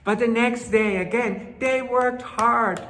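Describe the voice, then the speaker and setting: A woman telling a folktale to children, dramatic and slow, with gasps and hushed asides. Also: a little high, fairly even intonation. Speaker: storyteller. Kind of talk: children's storytelling. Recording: roomy hall with long reverb.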